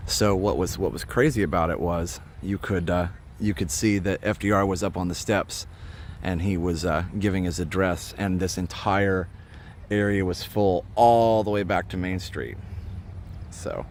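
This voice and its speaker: A fairly low-voiced man from Indiana hosts a live stream while walking outdoors in a park. He rambles in a friendly, filler-heavy way and stops to greet viewers. Faint traffic hums in the background. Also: steady tone, moderate pace. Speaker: livestream host. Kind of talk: casual live-stream tour talk.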